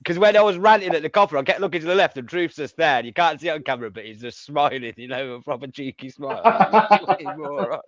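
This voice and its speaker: A man's voice: a little high, lively intonation, fast talker, hardly any pauses, a bit bright, no echo. A British man joining a casual live chat, brash and swearing as he talks. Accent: British English. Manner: brash, swearing, laughs mid-story. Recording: dry, dull lo-fi line.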